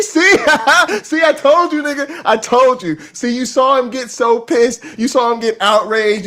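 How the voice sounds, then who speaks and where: A man's voice: high voice, fairly bright tone, pitched above the performer's own voice. A man voicing scheming billionaires who whisper conspiratorially and then gloat with taunting laughter.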